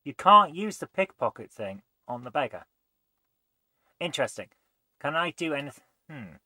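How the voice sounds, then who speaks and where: A man hosting a let's play, thinking aloud and muttering as he tries things, often trailing off quietly. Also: a little high, big pitch swings, moderate pace, no room sound. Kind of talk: gameplay commentary.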